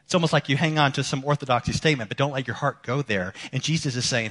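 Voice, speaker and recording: A man preaching a sermon as a pastor, earnest, moving between emphatic lines and hushed ones. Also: medium pitch, quick pace, few pauses. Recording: long hall reverb.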